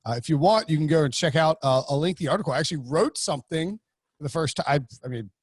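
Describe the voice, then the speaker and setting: A man's voice: a little high, fast, husky, no echo, studio quality. A man hosting a sports podcast, chatting in a loose, rambling way with many fillers and restarts. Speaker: podcast host. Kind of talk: casual podcast chat.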